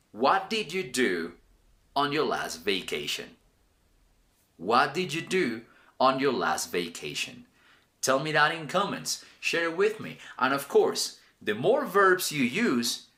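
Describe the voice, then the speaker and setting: A man's voice: medium pitch, bright, forceful tone. A man teaching an online English pronunciation lesson. He is upbeat and encouraging, talks straight to his viewers, and stretches and repeats sounds to show them.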